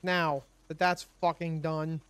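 A man's voice: on the high side, little pitch movement, takes it slowly, a bit bright, clear, resonant tone, no room sound. A man hosting a let's play, commenting on his game in a frustrated, profane, ranting way. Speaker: gaming channel host.

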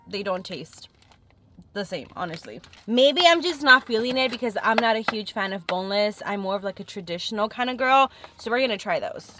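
A woman's voice: on the high side, a bit bright. A young woman chatting frankly and thinking aloud as she tastes food in a casual eating vlog. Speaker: food vlogger.

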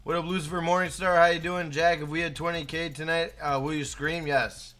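A man's voice: fairly high pitch, flat delivery, a little fast, soft background music. A young man live-streaming a game, chatting casually and hyping up his chat by name. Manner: hyped, shouts out chat names.

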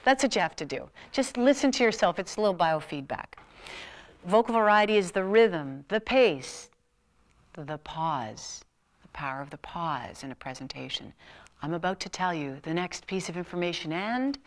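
A woman motivational speaker giving a live talk to an audience in a university lecture room, animated and playful, swinging her voice up and down. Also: normal speed. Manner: animated, playful, big swings in pitch and loudness. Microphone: room mic on a filmed talk.

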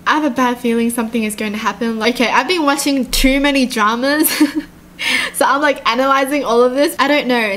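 A young woman with a high, bright voice reads a story aloud and gushes over every twist. She reacts with open emotion, close to the mic. A faint hum sits behind her. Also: moderate pace. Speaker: YouTuber. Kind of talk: reading a text story and reacting.

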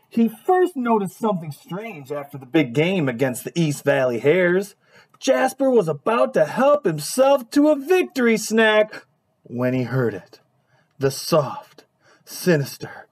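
A man reading a children's picture book aloud at story time, animated and asking his young listeners questions. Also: on the high side, measured pace, slightly rough. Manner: animated, asks questions to listeners, lots of hums.

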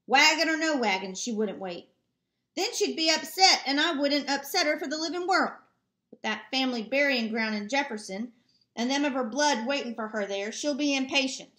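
A woman reading the part of a weary, stubborn old farmer father in a slow, plaintive way, in a roomy home recording. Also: sits high, bright, forceful tone. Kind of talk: amateur audiobook reading.

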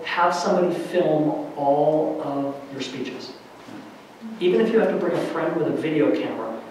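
Man lecturing faculty, energetic, emphatic, fairly high voice, distant mic, big echoey hall. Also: a little hiss or hum. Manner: energetic, varies loudness for emphasis, many fillers. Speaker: faculty workshop speaker. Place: large lecture room. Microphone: distant room mic.

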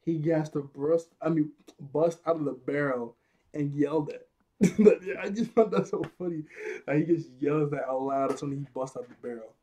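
Amused young man recapping anime, mellow. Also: on the high side, moderate pace. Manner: laughs often, acts out scenes in character voices. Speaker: anime episode reviewer. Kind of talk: casual recap commentary.

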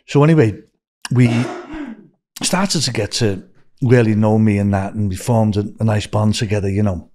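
An older man with a Liverpool accent, telling rambling, animated anecdotes as a podcast guest. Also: lowish voice, normal speed. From Liverpool, England. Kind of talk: casual storytelling.

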